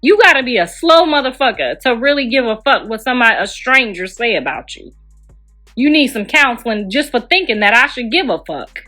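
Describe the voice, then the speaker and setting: Middle-aged woman, livestream host, blunt profane rant, slightly high voice, phone mic. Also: bright, forceful tone. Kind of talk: ranting livestream chat.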